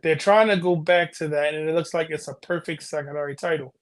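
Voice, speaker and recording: A man's voice: a little high, brisk. A man co-hosting a casual podcast chat, explaining his views earnestly and often breaking off mid-sentence. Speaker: podcast co-host.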